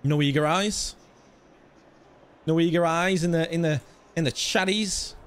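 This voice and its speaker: A man's voice: on the high side, a little slow, clean tone. A young man hosting a racing live stream, chatting in a rambling, casual way with his viewers. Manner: rambling, chatty, talks to chat. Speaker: sim racing streamer host.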